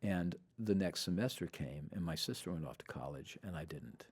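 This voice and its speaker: A man's voice: deep voice, normal speed, slightly rough. A middle-aged man from the Southern US, a musician guest telling stories, acting out the quoted lines. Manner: animated, acts out quoted dialogue. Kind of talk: conversational storytelling.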